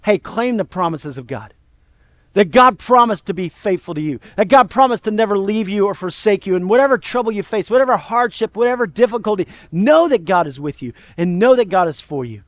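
A man preaching a sermon as pastor, animated and conversational, talking straight to the congregation. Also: high voice, brisk, dry recording.

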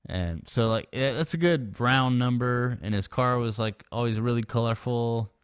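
A man co-hosting a podcast in casual chat, rambling and hesitant, often pausing and restarting. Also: medium pitch, clear, resonant tone, dry recording, studio quality. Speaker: podcast co-host.

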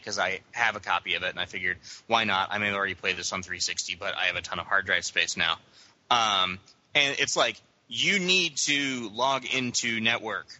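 A young man co-hosting a casual gaming podcast, arguing his points and quick to interrupt and correct. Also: on the low side, bright, forceful tone. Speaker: podcast co-host. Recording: dull lo-fi sound.

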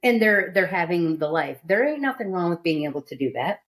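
Woman, podcast host, lowish voice, candid, emphatic, casual chat, studio. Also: expressive, fairly quick.

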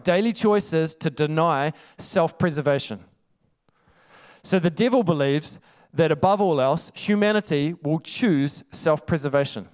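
Man preaching a sermon, smooth clear voice a bit on the high side, chatty and emphatic. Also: a little slow, a little mellow. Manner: emphatic, conversational storytelling.

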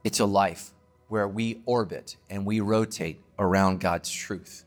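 A man, a pastor, preaching an emphatic sermon to his congregation and closing with a quiet prayer. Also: lowish voice, fairly even intonation, measured pace, faint music behind.

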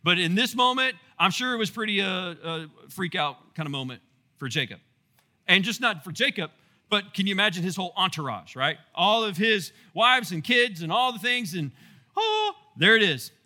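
A male pastor giving a casual Bible teaching, telling the story in a playful, animated way with asides to the congregation. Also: sits high, normal speed.

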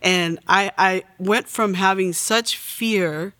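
Adult, forties, earnest faith testimony, acts out quoted lines, mid pitch, dry close sound. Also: fairly even intonation, slow, sharp tone, no echo. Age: 40s. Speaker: testimony guest.

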